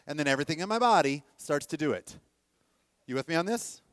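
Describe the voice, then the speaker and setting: A man teaching a dance workshop to a class, animated and often checking that the students are following. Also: a little high, quick pace, no room sound. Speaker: dance instructor.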